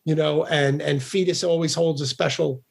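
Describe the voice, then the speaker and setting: A middle-aged man speaks as a guest on a casual podcast, rambling and swearing freely, often circling back over his own words. His voice sits fairly high but comes out gravelly and husky. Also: fairly even intonation, moderate pace. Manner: profane, rambling, repeats words. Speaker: guest musician.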